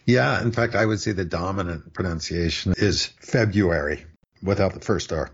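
Husky deep-voiced older man. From United States. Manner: measured, dry wit, explanatory. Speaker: language expert, co-host. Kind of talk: casual podcast chat. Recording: dull lo-fi sound.

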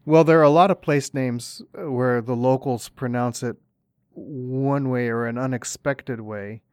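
Halting man in casual chat. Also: medium pitch, steady tone, a little mellow, clear, resonant tone, no room sound, studio quality. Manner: halting, with many uhs and restarts. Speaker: podcast co-host.

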